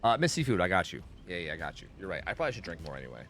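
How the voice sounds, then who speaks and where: A male streamer talks in a bright, forceful voice that swings up and down a lot, rambling and swearing as he answers chat mid-game. Faint game music plays underneath. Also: low voice, very animated, racing. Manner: rambling, profane, chatty, answering chat questions. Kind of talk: casual live-stream chat with viewers while gaming.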